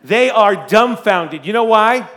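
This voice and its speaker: A male pastor preaching a sermon, telling a story in an animated, conversational way with a loud speaking voice. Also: high voice, takes it slowly.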